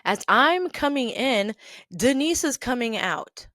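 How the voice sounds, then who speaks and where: A woman hosting a podcast, telling a workplace story in an animated, exasperated way and laughing now and then. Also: sits high, takes it slowly, no room sound, studio quality. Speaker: podcast host. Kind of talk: storytelling rant.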